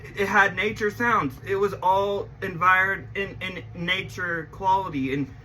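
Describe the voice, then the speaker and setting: A man's voice: high voice, fairly even intonation, measured pace, pushed and bright, far from the mic, slight background noise, poor audio. A man giving casual reaction commentary as a trailer reactor, rambling and emotional, stammering and repeating himself, with casual swearing.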